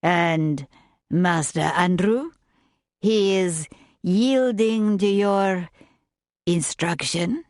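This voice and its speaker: A woman voicing a forceful, exacting male chef with a French accent, slow and brisk in turn. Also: fairly low pitch, no room sound, studio quality. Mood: brisk, curious. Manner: brisk, commanding.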